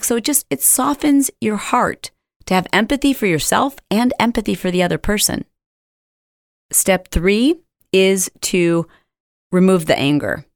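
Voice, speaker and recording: A woman hosting a casual advice talk, telling stories lively and acting out the lines of people she quotes, with plenty of "like" and "dude". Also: on the low side, no room sound, clean studio sound. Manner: animated storytelling, acts out quoted dialogue; frequent "like" and "dude" fillers. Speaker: host.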